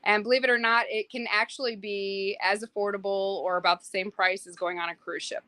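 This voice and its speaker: A woman who cooks aboard a charter yacht talks through her day in a casual interview. Her voice is bright and crisp in a dry, close recording. She fills her talk with ums and lively asides. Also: medium pitch, brisk, no echo. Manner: animated, many fillers, acts out quotes. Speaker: private yacht chef and crew.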